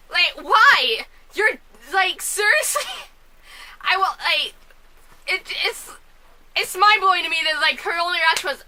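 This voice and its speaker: Recording casual vlog commentary at home, with her family asleep in the next room, a woman reviews films and musicals. She has a high, bright voice and rambles excitably, scattered and chatty, occasionally erupting in brief, loud outrage.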